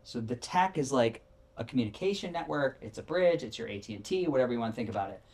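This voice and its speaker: Middle-aged guy on a podcast, rambly, keeps restarting sentences, gets animated, normal pitch. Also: quick pace. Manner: rambling, self-correcting, animated. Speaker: podcast guest. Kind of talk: candid conversational storytelling.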